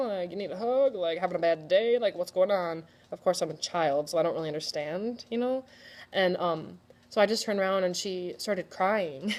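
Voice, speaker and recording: A woman's voice: fairly low pitch, darkish tone. A young woman telling a personal story in a chatty, rambling way, with lots of fillers and frequent laughs. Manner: chatty and rambling, full of likes and ums, laughs often.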